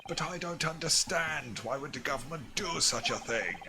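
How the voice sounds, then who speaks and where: A man voicing an earnest, easily startled young male defendant, in a fairly low voice over game music. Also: animated, normal speed. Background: video game music.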